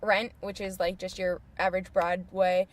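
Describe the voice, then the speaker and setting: A woman's voice: lowish voice, flat delivery, normal speed. A woman chatting casually on a podcast about a film she saw. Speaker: podcast co-host. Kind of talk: casual chat.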